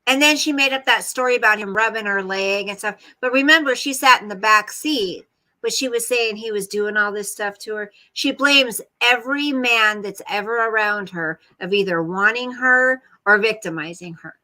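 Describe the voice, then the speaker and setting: A woman's voice: medium pitch, moderate pace, bright, forceful tone, poor audio. A woman hosting a casual livestream, talking bluntly and rambling to her chat and her pet at home. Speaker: livestream host. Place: home room.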